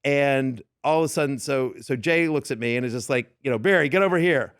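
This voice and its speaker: A man's voice: mid-range voice, brisk, smooth, dry recording, clean studio sound. A man working as a fantasy football analyst, chatting in an interview and acting out the people in his stories. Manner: animated storyteller, acts out quoted yelling. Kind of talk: casual interview storytelling. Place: radio studio.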